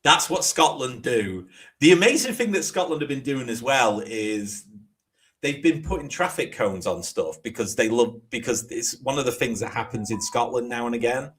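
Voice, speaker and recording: A man's voice: mid-range voice, lively intonation, moderate pace, fairly bright tone, breathy edge. An English man co-hosting a casual podcast chat over a remote call, laughing often and swearing casually. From England. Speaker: co-host.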